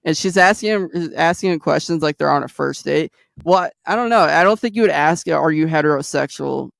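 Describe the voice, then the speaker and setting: A man co-hosting a podcast, recapping a movie in casual chat, animated and laughing often. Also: on the high side, brisk, gravelly, no echo, studio quality. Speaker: podcast co-host.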